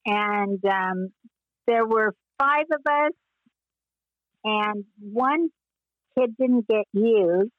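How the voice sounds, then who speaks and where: Older woman, interview guest, slow and wandering, laughs often; dry, muffled sound. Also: medium pitch, dry recording. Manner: slow, meandering storytelling with frequent laughs. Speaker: interview guest, former child actress. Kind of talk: reminiscing interview.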